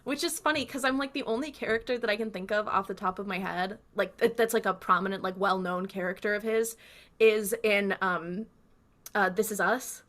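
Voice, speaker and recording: Bright-voiced young woman podcast co-host. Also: medium pitch, steady tone, moderate pace. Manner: chatty, recounts scenes by acting out quotes. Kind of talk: casual recap chat.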